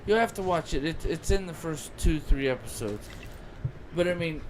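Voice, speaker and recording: Male podcast co-host, opinionated rambler, slightly high voice, noisy home recording. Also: expressive, moderate pace. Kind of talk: casual chat. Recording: noticeable background noise.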